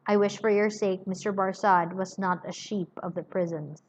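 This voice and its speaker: A woman reading aloud as a cool, sardonic Englishman who speaks in measured, quietly cutting sentences, on a slightly muffled lo-fi recording. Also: medium pitch, steady tone, a little hiss or hum, natural voice.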